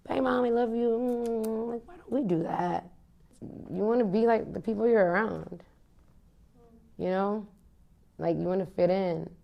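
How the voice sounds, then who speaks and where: A woman's voice: medium pitch, unhurried, gravelly, long pauses, dull audio, a little hiss or hum. A woman in her thirties, speaking bluntly and with passion as an interview guest, cursing freely. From United States. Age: 30s. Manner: blunt and impassioned, swears freely. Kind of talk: candid conversational interview.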